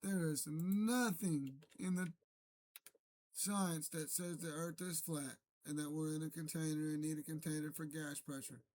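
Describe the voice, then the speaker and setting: Solo streamer, male, fairly high voice, rambling and argumentative, restarts his sentences. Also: little pitch movement, moderate pace, hardly any pauses, darkish tone, slight background noise. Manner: rambling, self-correcting, argumentative. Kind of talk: unscripted solo rant to camera.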